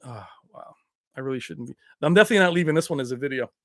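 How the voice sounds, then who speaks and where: A man's voice: medium pitch, lively intonation, very fast, fairly bright tone, no echo, studio quality. A man hosting a casual home livestream about TVs, rambling loosely after a few drinks and laughing often. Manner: laughs often, slips into movie impressions. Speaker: tech livestream host. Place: his own home.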